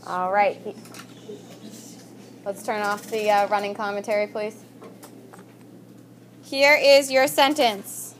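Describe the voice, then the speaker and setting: A woman's voice: medium pitch, steady tone, slow, pauses often, a bit bright, a little hiss or hum. A woman teaching a vocabulary lesson in a classroom, upbeat and calling on students by name.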